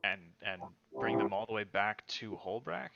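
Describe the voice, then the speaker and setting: A lowish-voiced man runs a tabletop game, stumbling and repeating words as he explains how the world works. The sound is dull and lo-fi. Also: sing-song, normal speed, gravelly, a crowd in the background. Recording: muffled lo-fi audio.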